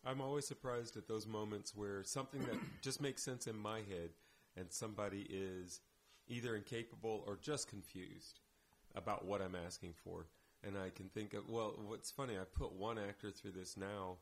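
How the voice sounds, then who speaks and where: A man's voice: fairly low pitch, steady tone, moderate pace, few pauses. A man, a theater director guest on a podcast, telling anecdotes in casual chat and acting out the lines he quotes.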